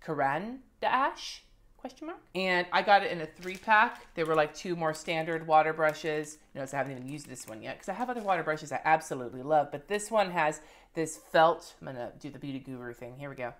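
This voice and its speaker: A woman's voice: low voice, lively intonation, fast. A woman in her thirties chatting casually and swearing freely as she shows her favorite planner supplies to the camera. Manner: chatty and profane, showing items to the camera. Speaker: planner and lettering vlogger. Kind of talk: casual monthly favorites vlog.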